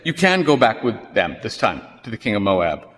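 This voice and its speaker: A man voicing God, speaking slow, deliberate commands in a lowered voice. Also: big pitch swings, a bit bright. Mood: stern. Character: stern divine male voice giving orders. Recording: long hall reverb.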